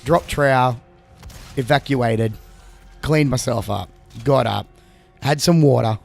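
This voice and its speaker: Brief: Aussie gamer guy, gravelly and a bit croaky, rambling casual storyteller. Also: medium pitch, slow, a little mellow, soft background music. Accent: Australian. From Australia. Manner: rambling storyteller, crude humour. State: sore throat. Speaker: gaming video co-host. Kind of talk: casual gameplay chat.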